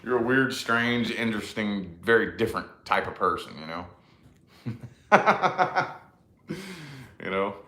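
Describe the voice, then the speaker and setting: A man's voice: fairly low pitch, lively intonation, takes it slowly, pauses often, sharp tone. A man vlogging in a casual, rambling monologue, swearing freely and laughing often at himself. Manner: profane, self-deprecating, laughs often. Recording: echoey room.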